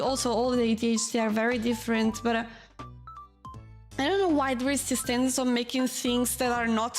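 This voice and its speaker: High-voiced rambling woman streamer. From Switzerland. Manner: rambling, animated, frank with swearing. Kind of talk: casual live-stream chat.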